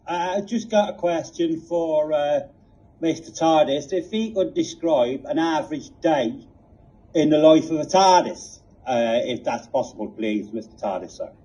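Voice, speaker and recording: A man's voice: a little high, a little slow, warm tone, slightly rough. A man doing a timid, over-polite caller. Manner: hesitant and overly polite, "sir". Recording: dull lo-fi recording.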